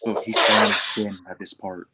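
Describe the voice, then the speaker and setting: A man giving quiet, matter-of-fact commentary on a game's story scenes. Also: lowish voice, little pitch movement, normal speed, very noisy. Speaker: gamer commenting on a game. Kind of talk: low quiet gameplay commentary.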